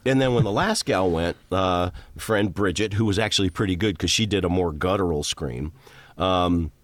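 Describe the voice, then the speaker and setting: A middle-aged man, a voice actor, rambling through long show-business stories and breaking into quick voices. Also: low-pitched, no room sound. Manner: rambling, animated, jumps into character voices. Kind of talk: storytelling interview guest.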